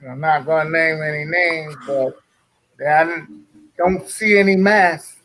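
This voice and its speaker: Higher-voiced man, measured guest. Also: steady tone, bright, forceful tone, low-quality recording. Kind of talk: casual chat.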